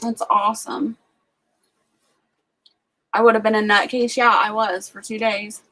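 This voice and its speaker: A bright, forceful tone marks this woman's medium-pitched voice, though her delivery is flat and a little slow. She hosts a casual livestream from a rural farm home, telling chatty stories heavy with "like" and asides.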